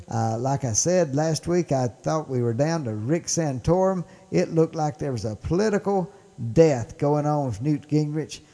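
A man's voice: a little high, mellow, in a large hall. A man with a Mississippi accent hosting a show and talking politics with emphatic enthusiasm. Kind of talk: political commentary.

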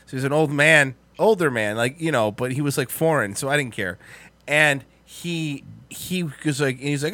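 A man telling profane stories in casual chat, animated and prone to loud outbursts. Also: on the high side, normal speed, dry recording.

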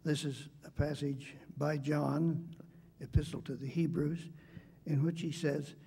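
An older man giving a debate speech, telling a childhood story in a measured, hesitant way with frequent pauses. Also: fairly high pitch, little pitch movement, creaky, warm tone, breathy edge, long reverb tail.

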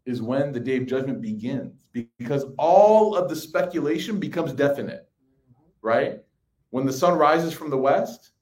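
A man in his thirties giving a sermon to a live audience, telling personal stories in a conversational, animated way. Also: on the high side. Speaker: religious speaker. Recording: echoey room.

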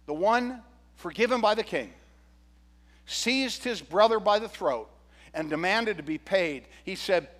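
A male pastor preaching a sermon, retelling a parable with animated, humorous storytelling. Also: high voice, measured pace, long reverb tail.

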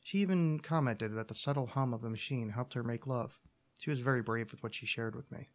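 A man, the podcast's host, reading a short story aloud in a calm, deadpan narration. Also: mid-range voice, brisk.

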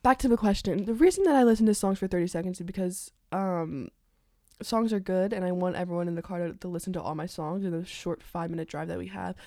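A woman's voice: lowish voice, fast, dark tone, dry recording, clean studio sound. A teenage girl in a casual podcast chat, cheeky and teasing. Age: teens.

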